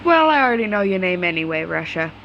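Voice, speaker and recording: A woman's voice: lowish voice, big pitch swings, fast, gravelly, lo-fi sound, slight background noise. A woman reading aloud the lines of a cheerful, commanding young male prince in a fan story, in her own voice. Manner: read-aloud, plain.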